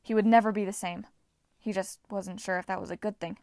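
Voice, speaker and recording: A woman reading an audiobook aloud with a lively, expressive delivery. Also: mid-range voice, a little fast, gravelly, no room sound. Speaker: audiobook narrator. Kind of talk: audiobook narration.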